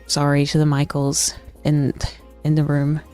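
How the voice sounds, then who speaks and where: Blunt, low-voiced woman streamer. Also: monotone, measured pace, dark tone, faint music behind. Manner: blunt, swears freely, laughs between stories. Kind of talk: casual chat on a gaming stream.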